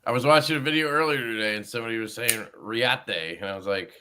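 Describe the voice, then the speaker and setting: A man's voice: medium pitch, fast, pushed and bright, smooth. A man hosting a livestream in casual chat, rambling and jokey, with some swearing. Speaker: livestream host.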